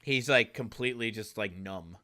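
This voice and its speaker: A man's voice: on the low side, moderate pace, pushed and bright. Casual rambling male game master. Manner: casual, filler-heavy, rambling. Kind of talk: narrating a tabletop game.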